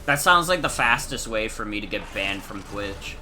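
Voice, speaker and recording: A man's voice: fairly low pitch, expressive, moderate pace, background noise. A man streaming a video game, chatting casually and rambling with lots of fillers. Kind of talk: casual gaming stream chat.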